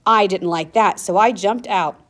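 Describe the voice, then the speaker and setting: A woman reads as a young girl who prattles on in a bright, raised voice, all feigned innocence. The words tumble out quickly, nervous underneath, as she keeps up her distracting story. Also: mid-range voice, close to an everyday voice. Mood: rushed. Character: quick-witted young girl chattering to stall guards.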